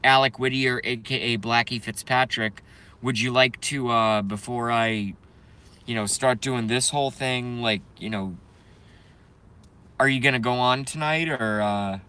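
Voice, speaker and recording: Casual streamer guy, bright clear tone, loose rambling delivery, jokes around with chat. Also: mid-range voice, fairly even intonation, unhurried. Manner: rambling, joking, reads chat aloud. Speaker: live stream host.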